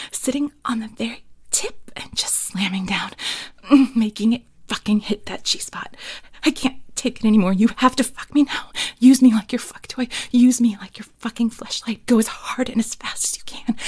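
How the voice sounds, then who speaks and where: A woman's voice: fairly high pitch, normal speed, darkish tone, breathy edge, whispered, pitched above the performer's own voice. A woman playing an urgent, breathless lover. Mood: lustful. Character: eager, lustful woman lover. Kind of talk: whispered role-play.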